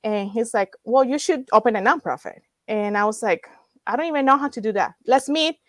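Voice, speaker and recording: Animated woman telling her story, dry sound. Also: a little high, a little fast, no room sound. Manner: animated, acts out dialogue, laughs often. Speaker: guest, nonprofit founder. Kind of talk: emotional storytelling in conversation.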